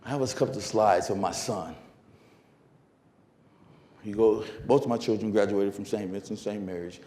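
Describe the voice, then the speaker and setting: A middle-aged man giving a conference keynote, telling a story that swings from loud bursts to hushed lines. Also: on the low side, moderate pace. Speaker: motivational speaker. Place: conference hall.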